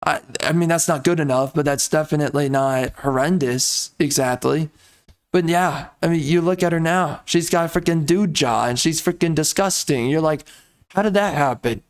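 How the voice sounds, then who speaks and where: A man's voice: on the high side, normal speed. A young man hosting a ranting commentary video, rambling and stammering with frequent restarts, exasperated and mocking. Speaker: video host.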